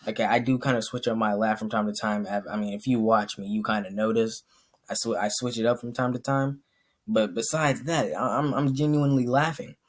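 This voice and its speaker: A young man hosting a reaction video, chatting in a laid-back, self-mocking way. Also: mid-range voice. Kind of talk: casual reaction commentary.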